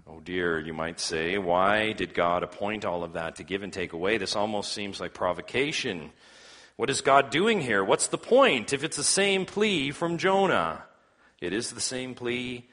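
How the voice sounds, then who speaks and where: A male pastor delivering a sermon in a bright, forward voice that sits a little low. He reads scripture aloud and builds to earnest emphasis on key points, coughing now and then.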